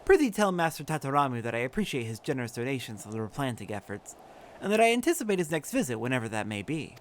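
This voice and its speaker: A man voicing a gentle male forester who speaks in archaic, formal phrasing while reading game dialogue aloud. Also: mid-range voice, very animated, fast talker, slight background noise, pitched below the performer's own voice, lightly acted. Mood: dreamy. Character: dreamy male forester, old-fashioned and gentle.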